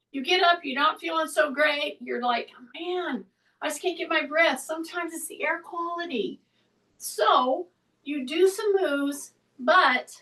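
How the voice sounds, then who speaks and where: High bright Southern woman coaching a workout. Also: distant mic, poor audio. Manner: chatty, encouraging, talks while moving. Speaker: fitness instructor. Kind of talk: casual exercise instruction. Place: home exercise space.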